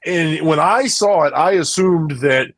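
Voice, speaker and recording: A man with a slightly high voice speaks a little slowly while co-hosting a podcast. In the casual chat he rambles, often repeating himself.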